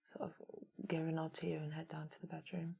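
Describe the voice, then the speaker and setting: A woman playing a tabletop game, soft-spoken and often half-whispering. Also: low-pitched, monotone, fairly quick, creaky, husky. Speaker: player. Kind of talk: tabletop role-play.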